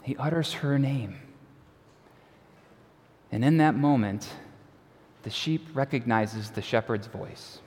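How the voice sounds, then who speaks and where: A male pastor preaches in a relaxed, conversational way, mixing dry humor with quiet, trailing phrase endings. His voice sits at a middle pitch. Long reverb from a large church sanctuary follows his words. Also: slow pace, long pauses. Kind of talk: sermon.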